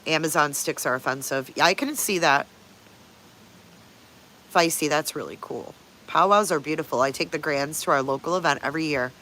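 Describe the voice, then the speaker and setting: A woman's voice: deep voice, normal speed, sharp tone, a little hiss or hum. An older woman hosts a casual livestream and answers her viewers one by one. She is blunt and swears freely, with frequent chuckles. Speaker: livestream host.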